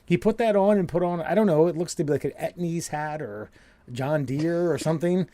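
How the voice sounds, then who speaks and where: A man's voice: a little high, a little fast, mellow, no room sound. A man co-hosting a podcast, rambling with many restarts and laughing often in casual chat. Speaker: podcast co-host.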